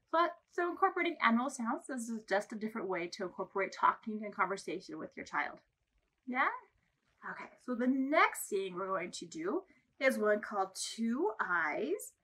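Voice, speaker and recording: A young woman librarian reading a picture book aloud and leading baby rhymes, in a slow sing-song voice, counting along for babies. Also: fairly high pitch, lively intonation, fairly bright tone. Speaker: children's librarian. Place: library storytime filmed for online video.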